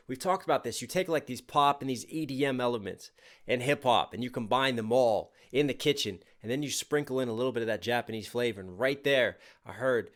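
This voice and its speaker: A man's voice: medium pitch, fairly quick, a bit bright. A man hosting a music reaction channel, chatting casually and eagerly picking apart the lyrics as he thinks aloud.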